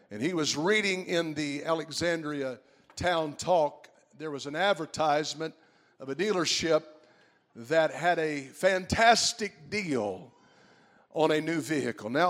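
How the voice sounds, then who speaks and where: A man preaching a sermon, moving from quiet storytelling to shouted preaching. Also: fairly high pitch.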